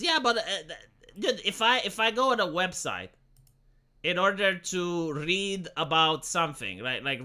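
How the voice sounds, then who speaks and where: A man streaming live, reacting to film reviews with sarcastic, profane rants and halting restarts. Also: high-pitched, sharp tone. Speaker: livestreamer.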